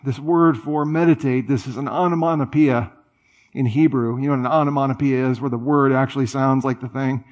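A man preaching a sermon in a conversational way, with playful, animated asides. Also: medium pitch, fairly quick. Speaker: pastor.

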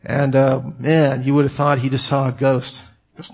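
A man's voice: mid-range voice, little pitch movement, normal speed, a little mellow, husky. A man giving a sermon to his congregation, conversational with joking asides. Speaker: pastor.

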